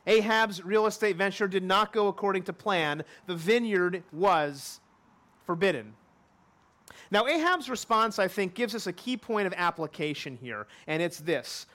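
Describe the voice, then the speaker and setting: A man's voice: high-pitched, fairly bright tone. A man in his thirties, a father of a young child, preaching an expository sermon and repeating his key lines for emphasis. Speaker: pastor.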